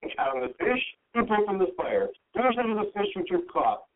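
Gravelly, lively male preacher on radio. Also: high voice, brisk, narrow, tinny audio. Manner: conversational, with jokes and asked questions; reads scripture and acts out the quoted lines. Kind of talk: sermon, Bible teaching.

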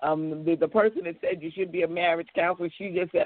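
This woman hosts a call-in radio show as a minister, talking fast in a lowish voice. Warm church-style affirmations and plenty of laughter run through her speech. The sound is dry and tinny, like a phone broadcast.

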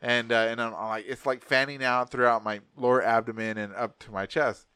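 Profane animated man telling a story. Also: mid-range voice, brisk, clear, resonant tone, dry recording. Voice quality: profane, animated, acts out voices in anecdotes. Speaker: podcast co-host. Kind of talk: casual storytelling chat.

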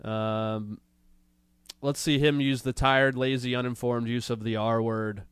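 Male host, sarcastic commentary, a bit under the weather; smooth, close and dry. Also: medium pitch, little pitch movement, a bit bright, no room sound. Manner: sarcastic, mocking, drawn-out jokes. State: has a cold. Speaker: livestream show host. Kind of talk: casual commentary reacting to clips and chat.

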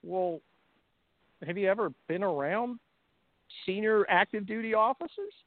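A man's voice: high-pitched, measured pace, no echo. A middle-aged man from California, a guest on a talk radio show, talking in a blunt, combative and sarcastic way. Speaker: guest commentator. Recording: dry, tinny phone line.

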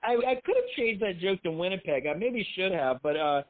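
A middle-aged man with a slightly high voice rambles through an interview, restarting his sentences and putting himself down. His voice comes over a thin, phone-like line. The sound is dry and close. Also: animated, fairly quick, no echo. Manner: rambling, self-deprecating, many restarts. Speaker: film writer and director. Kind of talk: casual interview talk.

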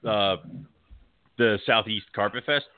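A man co-hosting a podcast in casual chat, laid-back with frequent chuckles and quick asides. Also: lowish voice, dry recording. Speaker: podcast co-host. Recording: tinny phone-like sound, dry.

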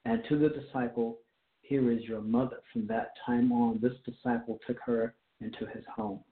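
A man preaching a sermon, reading scripture aloud and then explaining it with slow, deliberate emphasis. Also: medium pitch, little pitch movement. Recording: echoey, phone-like tinny sound.

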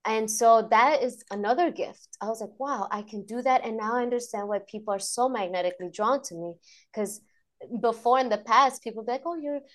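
A woman's voice: on the high side, a little fast, a bit bright. A woman guest on a podcast, talking reflectively and emotionally about teaching mindfulness to children, laughing often. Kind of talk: conversational interview.

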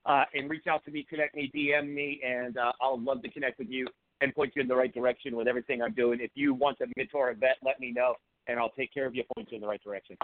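A man calling in to a talk show, speaking in a heated, fired-up way with a voice that turns a little hoarse. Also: mid-range voice, steady tone, fast talker. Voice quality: voice turning hoarse. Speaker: call-in guest. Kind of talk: political call-in rant. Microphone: phone call. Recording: tinny phone line.

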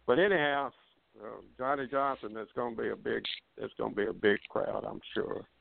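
A man's voice: fairly low pitch, moderate pace, creaky, no room sound. An older man who flew with an airline, reminiscing in a rambling, folksy way on a call-in show. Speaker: retired airline crew member. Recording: tinny phone line.

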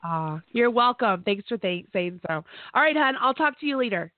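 A cheerful woman runs a podcast chat, her voice sitting a little high and laughing often. The sound is dry and thin, like a phone line. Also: lively intonation, moderate pace, dry recording. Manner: bubbly, laughs easily. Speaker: podcast host. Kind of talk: casual chat.

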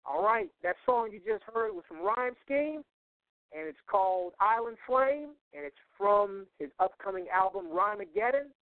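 Guy rambling on talk radio, gravelly, jumps all over in pitch, tinny phone line sound. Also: very animated, normal speed, no room sound. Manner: rambling, chuckling, many fillers and restarts. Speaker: radio show co-host. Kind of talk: casual radio talk with plugs.

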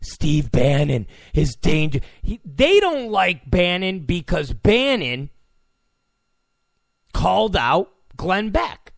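A combative man hosts a political commentary monologue and hammers his points by repeating them. His pitch is fairly high and swings widely. He talks slowly into a dry, close mic. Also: big pitch swings, vocal fry, dry recording. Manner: combative, repeats phrases for emphasis.

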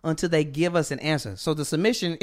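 Male podcast co-host, casual sports banter, animated storyteller, slightly higher register. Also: quick pace. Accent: Southern US. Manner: animated storyteller who acts out quotes and laughs often.

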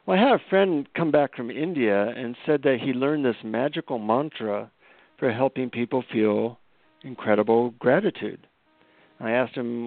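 A man from Northern California, a psychotherapist and guest author, telling an animated story with expressive jumps when he quotes himself. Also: medium pitch, normal speed, no echo, faint music behind. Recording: dry tinny phone-line sound.

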